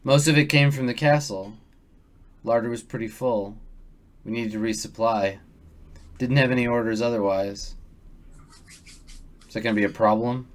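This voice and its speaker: A man's voice: medium pitch, steady tone, moderate pace, pauses often, close to an everyday voice. A man voicing a blunt, defensive army lieutenant in a tabletop game, speaking in curt, matter-of-fact lines. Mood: guarded.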